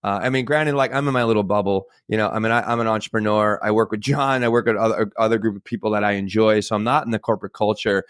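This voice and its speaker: A man's voice: lowish voice, fairly even intonation, fast talker, few pauses, no echo, studio quality. Rambling, frustrated man co-hosting a podcast. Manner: frustrated, rambling, lots of fillers. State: tired, short on sleep. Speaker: podcast co-host. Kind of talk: podcast conversation.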